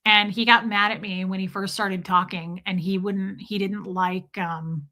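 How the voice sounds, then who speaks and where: A woman's voice: mid-range voice, fairly even intonation, a little slow, sharp tone. A middle-aged woman hosting a casual livestream, chatting in a rambling way, filling her talk with "like" and greeting commenters by name mid-story. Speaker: livestream host.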